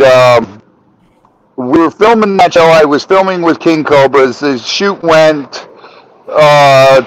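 A middle-aged man telling a story as a podcast guest, animated and profane, rising to shouts when he acts out arguments. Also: a little high, rough recording. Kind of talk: storytelling in casual chat.

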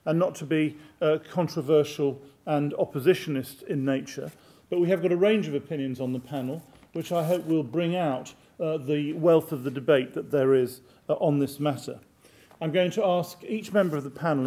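An older British man chairing a panel debate in a formal, measured, enthusiastic way. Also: a little high, mellow. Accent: British English. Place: large lecture hall.

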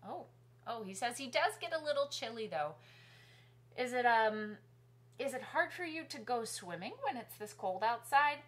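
A woman hosting a children's music class from her living room, singing nursery songs and talking gently to young kids. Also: fairly high pitch, animated, normal speed. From New York City. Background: guitar accompaniment.

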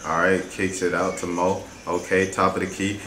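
A man hosting his YouTube channel, giving excitable basketball highlight reaction commentary with hype play-by-play calls and frequent laughs. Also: roomy sound, background noise.

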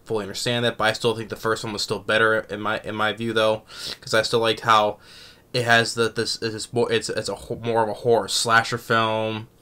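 A young man talks through a film review in a loose, casual way. He rambles and stops to restart his sentences. His voice is bright and crisp, smooth and clear, with a forward edge. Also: fairly low pitch, monotone. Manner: rambling, halting, many restarts and fillers. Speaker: movie reviewer.

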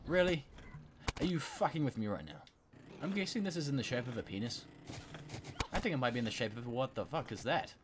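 A man commentating on a game he is playing, excitable and swearing, a bit sick and clearing his throat. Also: medium pitch, a little fast, long pauses, noisy background. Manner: excitable, swearing, yelping at failures. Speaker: gameplay commentator. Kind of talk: let's play commentary.

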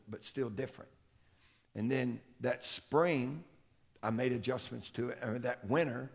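A man's voice: medium pitch, vocal fry. A middle-aged man, a strength coach giving a folksy, anecdotal conference talk. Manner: folksy, anecdotal, acts out quotes. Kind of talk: conference presentation, storytelling. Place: conference room.

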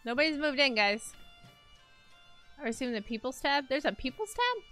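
A young woman streaming a game, chatting casually to her viewers, self-mocking and repeating words in quick loops. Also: sits high, very animated, a bit bright, faint music behind. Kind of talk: casual gameplay commentary.

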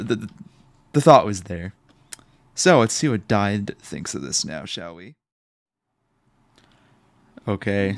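Man, fairly low voice, rambling joking gameplay commentary, faint guitar music behind. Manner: rambling, joking and self-mocking. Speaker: Minecraft YouTuber.

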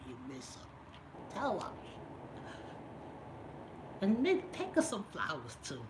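A woman's voice: low-pitched, huge pitch swings, a little slow, long pauses, poor audio. A middle-aged woman live-streaming a casual vlog, chatting and teasing while she reads viewer comments aloud. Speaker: lifestyle vlogger doing a live stream.

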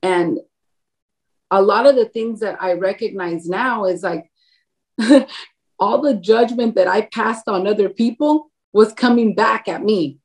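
With a medium pitch and measured pace, a woman offers her personal faith testimony as an interview guest. She is an adult, married with a grown son, and she narrates animatedly, acts out quoted dialogue and laughs often.

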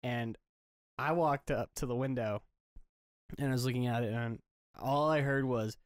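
A man's voice: medium pitch, normal speed, pauses often, no room sound. Young guy podcasting, rambly and jokey, dry close mic sound. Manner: rambling storyteller, dry joking. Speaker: podcast co-host. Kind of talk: casual chat.

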